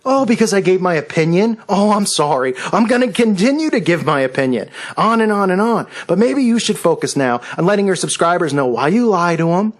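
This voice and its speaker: A man's voice: high-pitched, lively intonation, fairly quick, hardly any pauses. A man hosting his own channel, delivering a combative, sarcastic rant at a rival. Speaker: video channel host. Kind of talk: angry rant video.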